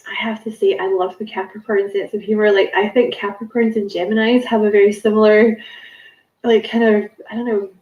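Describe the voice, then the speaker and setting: A woman's voice: mid-range voice, darkish tone, roomy sound, muffled recording. A woman giving a casual spiritual card reading to camera, musing and rambling with many fillers and self-corrections. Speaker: tarot card reader.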